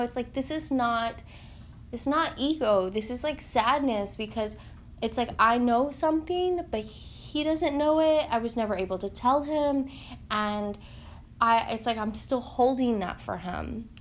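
A woman in an earnest, heartfelt spiritual monologue, halting and searching for words with many fillers. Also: mid-range voice, slight background noise.

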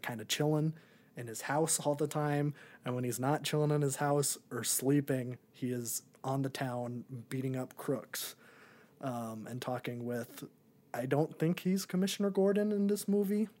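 A man's voice: medium pitch, unhurried, a little mellow. Young man, podcast co-host, casual movie chat, rambling, lots of ums. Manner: rambling, many ums and likes.

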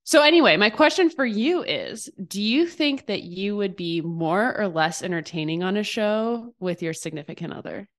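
A woman's voice: medium pitch, animated, moderate pace, hardly any pauses. A woman co-hosting a podcast in casual chat, talking with lots of fillers and restarts. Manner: chatty, many fillers and restarts. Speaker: podcast co-host.

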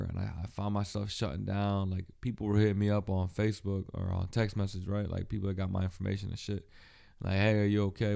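A man hosting a podcast, talking alone in a halting, profane, emotionally raw way, with many restarts and fillers. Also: low voice, vocal fry, warm tone. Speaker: podcast host. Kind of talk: personal solo monologue.

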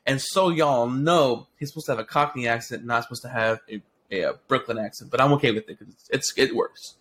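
A man's voice: medium pitch, brisk. A man co-hosting a casual podcast, telling a long rambling story full of swearing, restarts and fillers. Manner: excitable, profane storyteller. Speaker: podcast co-host.

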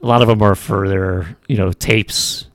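A man co-hosting a podcast in relaxed, rambling casual chat. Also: low voice, moderate pace, no echo. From Philadelphia area. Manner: relaxed, rambling, many fillers. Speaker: podcast co-host.

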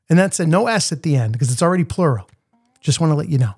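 A man's voice: on the high side, animated, brisk, a little mellow, no echo, studio quality, soft background music. A middle-aged man with a Boston accent, telling a story in a casual, rambling podcast monologue full of fillers and restarts. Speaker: podcast host, street photographer.

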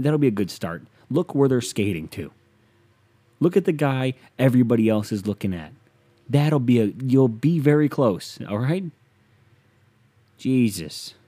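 A man's voice: mid-range voice, warm tone. A young man from Ohio hosting a casual sports rant, profane and sarcastic.

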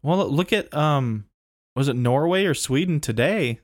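A man's voice: on the high side, animated, measured pace. A man co-hosting a podcast, casually telling a story and laughing often. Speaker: podcast co-host. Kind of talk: casual chat.

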